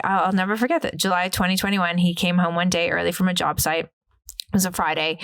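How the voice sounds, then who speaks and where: A woman's voice: on the low side, clean tone. Candid woman telling her story. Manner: candid, lively, full of "like" fillers and acted-out quotes. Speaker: podcast guest. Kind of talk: personal storytelling.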